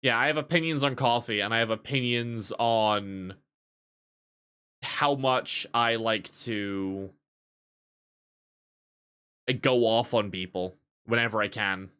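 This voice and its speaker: A man streaming and chatting casually, a barista telling profane, animated stories about customers. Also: mid-range voice, slow, long pauses, clear, resonant tone. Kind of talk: casual livestream chat.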